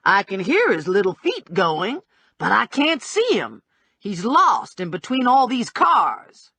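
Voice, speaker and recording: A brash female bounty hunter, as a woman reader puts her on for an audiobook, all blunt streetwise slang and an unhurried drawl. The voice is husky and swings widely in pitch, recorded dry and close. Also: huge pitch swings, pushed and bright, dry recording, exaggerated voice. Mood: sassy.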